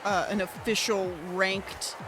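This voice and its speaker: A woman streaming a video game, rambling excitably with lots of fillers into a desk microphone at her computer. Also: mid-range voice, slow, music in the background. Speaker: gaming streamer. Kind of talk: casual let's-play commentary. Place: at home at a computer.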